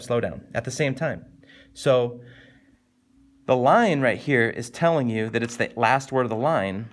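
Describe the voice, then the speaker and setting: A man teaching a casual, animated literature lesson, jumping up in pitch to stress points and slowing down to read poem lines. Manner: animated, conversational, with sudden lifts in pitch for emphasis; reads poem lines slowly and deliberately.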